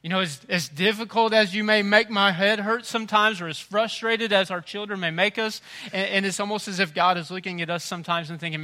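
A middle-aged male pastor preaching a sermon with impassioned delivery, dropping to a hush and rising to loud emphasis. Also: high-pitched, steady tone, a little fast, few pauses.

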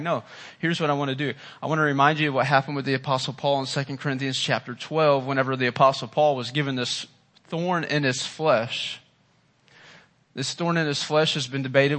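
A man delivers a sermon with a bright, forceful edge to his voice, sitting a little higher than most men. He drops to near-hushed tones, then climbs into loud, impassioned peaks, often posing questions to the congregation. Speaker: pastor. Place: church.

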